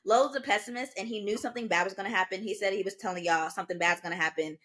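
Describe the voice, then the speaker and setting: Talking very fast in a mid-range voice, a podcast co-host in her twenties shares a story over casual chat. She brings it to life by voicing the characters she quotes.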